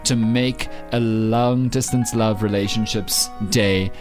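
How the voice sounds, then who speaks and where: A man's voice: fairly low pitch, fairly even intonation, takes it slowly, faint music behind. Upbeat chatty radio host man. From South Africa. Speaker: radio breakfast show host. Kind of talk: radio banter and links.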